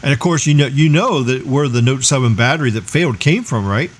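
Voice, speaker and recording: Energetic man hosting a tech livestream. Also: mid-range voice, fairly quick. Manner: energetic, explaining, asks rhetorical questions. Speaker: livestream host. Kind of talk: casual tech livestream talk.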